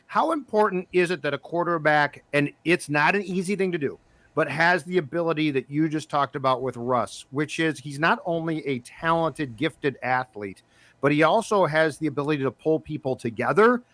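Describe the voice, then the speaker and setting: A man hosting a sports podcast who asks long questions that wander and restart as he goes. His voice sits a little higher than most men's. The sound is dry and close to the mic. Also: normal speed, a bit bright, no room sound. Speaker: podcast host. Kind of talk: casual podcast interviewing.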